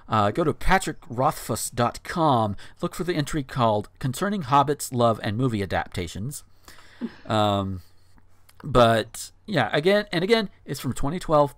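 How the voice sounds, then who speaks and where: Animated man in his thirties, dry sound. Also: mid-range voice, no echo. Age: 30s. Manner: swearing, incredulous asides, exaggerated outbursts. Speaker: podcast host. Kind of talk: casual podcast chat with dramatic readings.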